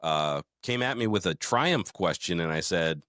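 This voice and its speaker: A man's voice: low-pitched, animated, moderate pace, few pauses, a bit bright, no echo, studio quality. A man co-hosting a podcast in casual chat, swearing freely, joking and reading out listener mail. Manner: profane, joking, reads listener mail aloud. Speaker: podcast co-host.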